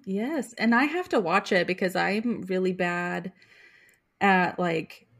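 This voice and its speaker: A woman, co-hosting a podcast, chatty and quick to giggle. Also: on the low side, gravelly, fairly bright tone. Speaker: podcast co-host, youngest sibling. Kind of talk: casual chat.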